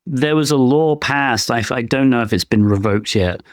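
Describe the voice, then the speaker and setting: A man's voice: medium pitch, moderate pace, no room sound, studio quality. Opinionated man musing on a podcast. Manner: opinionated, thinking aloud. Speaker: podcast co-host; penetration tester. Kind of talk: casual chat.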